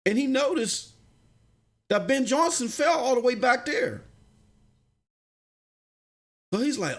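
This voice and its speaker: A man hosting a gaming news live stream, ranting casually with slang, swinging from low muttering to shouting. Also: very animated, normal speed.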